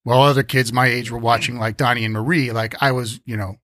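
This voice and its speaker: A man's voice: medium pitch, steady tone, fast talker, fairly bright tone, no echo. A man co-hosting a podcast in casual chat, blunt and wry, swearing casually. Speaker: podcast co-host.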